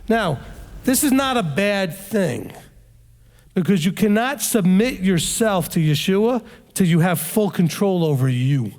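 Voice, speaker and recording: A man teaching a sermon-style question and answer session, calm and explanatory, sometimes acting out what a parent would say. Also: high-pitched, in a large hall. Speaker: rabbi teaching a Q&A.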